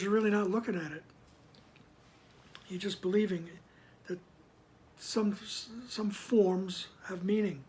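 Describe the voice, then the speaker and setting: A man reading a spiritual text aloud and stopping to explain it, deliberate, sometimes dropping to a soft whisper. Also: high voice. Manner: deliberate, drops to a soft whisper on some phrases. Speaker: spiritual text reader and teacher. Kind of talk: slow devotional reading with commentary.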